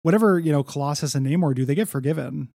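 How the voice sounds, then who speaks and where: Male podcast co-host, gravelly, relaxed, rambling delivery, dry close sound. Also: a little high, fast talker, no echo. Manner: laid-back, rambling with many fillers. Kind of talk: casual comic book discussion.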